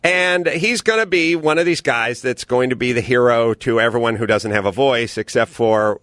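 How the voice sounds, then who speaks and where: A man's voice: medium pitch, normal speed, a bit bright, no echo, clean studio sound. Sarcastic ranting man in his fifties. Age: 50s. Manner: indignant, sarcastic ranting with swearing. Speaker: comedian and podcast host. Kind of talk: casual storytelling chat.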